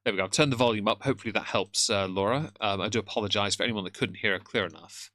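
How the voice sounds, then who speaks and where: A man talking on a live stream in a loose, rambling way. His voice is bright and forward, recorded close and dry on a desk mic, with no room sound. He greets viewers and stumbles over a word now and then. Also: fairly low pitch, very fast, no echo. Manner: rambling, chatty, greets chat, stammers at times. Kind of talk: casual live-stream commentary.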